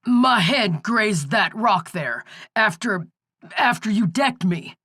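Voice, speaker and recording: Woman reading as a bullying sheriff, male, profane, barking orders, slow and heavy delivery, dry studio sound. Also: medium pitch, expressive, fairly bright tone, slightly rough, no room sound, pitched above the performer's own voice, exaggerated voice. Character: angry bullying male small-town sheriff. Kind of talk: audiobook character voice.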